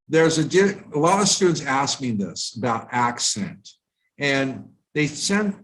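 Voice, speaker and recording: A man from the United States giving a live online lesson on pronunciation, explaining in a measured way with frequent fillers and restarts. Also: a little high, fairly bright tone, rough recording. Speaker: IELTS tutor.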